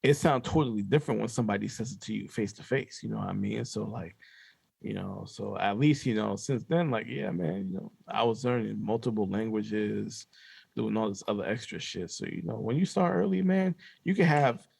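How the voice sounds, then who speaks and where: A man's voice: on the low side, creaky, darkish tone, slightly rough, dry recording. A young man with a slight lisp, co-hosting a podcast in a loose, rambling chat full of fillers. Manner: laid-back, rambling, drawn-out fillers. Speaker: podcast co-host. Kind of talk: casual chat.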